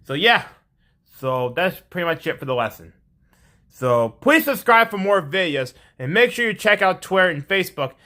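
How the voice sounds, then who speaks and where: Talking to camera at a normal speed, this male vlogger has a high voice and an animated, rambling style. His casual story loops back on itself repetitively before landing on a moral and a closing sign-off for his viewers.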